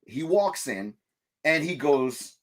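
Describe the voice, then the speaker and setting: A man from France hosting a casual talk show, telling stories and correcting pronunciation with animated energy. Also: on the high side, takes it slowly. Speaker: podcast host. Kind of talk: casual chat.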